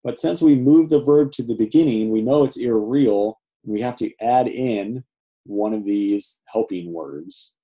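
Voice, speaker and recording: A man's voice: lowish voice, measured pace, dark tone, rough recording. A middle-aged man teaching Hebrew grammar in a lecture, explaining patiently and checking in with "right?" often.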